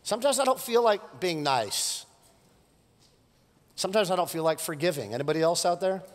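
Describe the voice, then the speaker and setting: A middle-aged man preaching a sermon as pastor, animated and joking with the congregation. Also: high-pitched, normal speed. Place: church sanctuary. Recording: live church sermon with long reverb.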